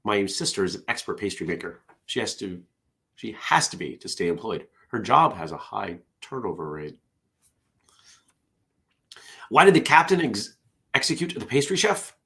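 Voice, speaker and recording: A man with a lowish voice hosts a relaxed morning chat show on his own. His pitch swings widely as he reads jokes and wanders off into side stories, often stopping to restart a thought. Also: normal speed, creaky. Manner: rambling and self-interrupting, drifts into side stories between jokes. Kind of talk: casual solo morning chat, reading jokes aloud.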